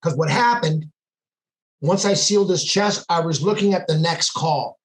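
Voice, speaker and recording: A man's voice: on the high side, moderate pace. Intense storytelling man, echoey room. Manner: intense, quotes dialogue as he tells it. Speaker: podcast guest, police sergeant. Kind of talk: casual storytelling.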